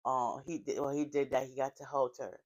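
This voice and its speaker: A woman's voice: a bass voice, fairly even intonation, fairly quick, a little mellow. A woman casually recapping a TV drama episode in a chatty, heartfelt storytelling way, with frequent fillers and asides. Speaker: TV show recapper.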